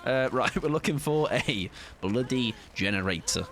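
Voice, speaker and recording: A man streaming a game, chatting playfully and excitably with teammates. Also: medium pitch, moderate pace, a little hiss or hum. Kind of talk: casual gaming chat.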